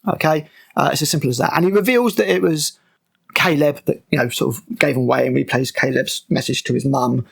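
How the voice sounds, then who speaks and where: Exasperated gravelly man reviewing a show. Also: mid-range voice, fairly quick. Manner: exasperated, mocking, with frequent fillers and restarts. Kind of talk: sarcastic episode breakdown.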